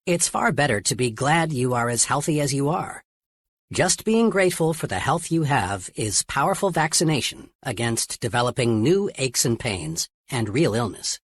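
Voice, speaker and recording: Man, audiobook narrator, expressive rising and falling pitch, dry close sound. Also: breathy edge, no room sound.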